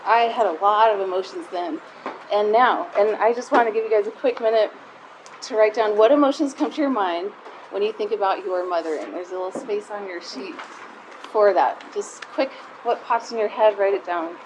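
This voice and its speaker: A woman's voice: medium pitch, normal speed, slight background noise, rough recording. A middle-aged woman giving a heartfelt, conversational personal talk to a live group of mothers, close to tears at times.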